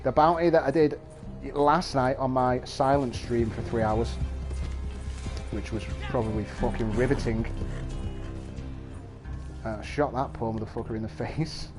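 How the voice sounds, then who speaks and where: A man's voice: mid-range voice, fairly even intonation, a little slow, long pauses, over music. A man in his thirties with a mixed Scouse and Mancunian accent, chatting casually on a game stream, swearing freely and laughing often. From North West England. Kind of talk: casual live-stream chat.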